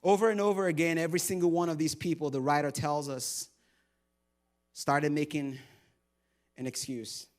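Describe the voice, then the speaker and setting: A man's voice: on the high side, level tone, normal speed, long pauses. A male pastor preaching a sermon in a humorous, conversational storytelling way.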